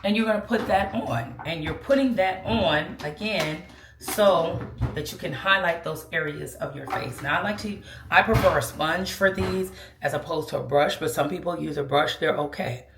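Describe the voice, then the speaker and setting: A woman's voice: lowish voice, normal speed, background noise. Chatty woman in an echoey room. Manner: chatty, sassy, addresses viewers as girl and child. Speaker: beauty vlogger. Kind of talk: casual makeup tutorial.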